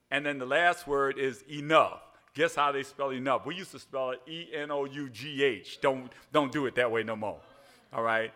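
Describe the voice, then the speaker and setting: Older preacher guy, folksy, keeps saying all right, bright forceful voice. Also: medium pitch, moderate pace. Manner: folksy, repeats "all right", spells words out, calls and response. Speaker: pastor. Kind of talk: evening sermon.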